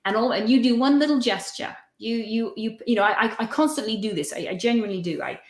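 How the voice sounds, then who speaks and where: A woman's voice: on the high side, fast talker, roomy sound. A woman guest on a live-stream video call, telling personal anecdotes in a chatty, storytelling way. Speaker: guest feng shui consultant.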